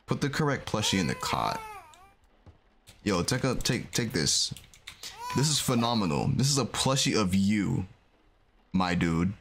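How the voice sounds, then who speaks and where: A man casually commentating a game he is playing, animated and exclaiming as he reacts. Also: on the low side, a little slow, long pauses, slight background noise. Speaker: gaming video host. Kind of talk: casual let's-play commentary.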